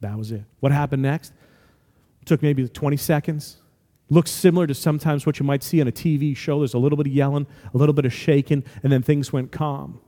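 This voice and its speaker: A man preaching a sermon with a fairly high voice, his words ringing out in a long hall reverb. He tells stories and climbs into emphatic, rising appeals. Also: fairly even intonation, fairly quick, dark tone. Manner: storytelling with emphatic, rising exhortations. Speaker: pastor.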